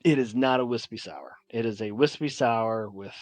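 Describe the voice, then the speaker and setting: A man's voice: mid-range voice, a little mellow, no room sound, faint music behind. Man narrating as a tabletop game master. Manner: descriptive, measured narration with pauses to think.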